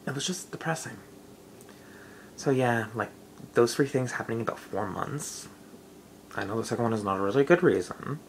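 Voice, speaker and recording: A man's voice: fairly low pitch, creaky, slight background noise, rough recording. A young man, rambling loosely in a casual late-night vlog, full of fillers. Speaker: vlogger.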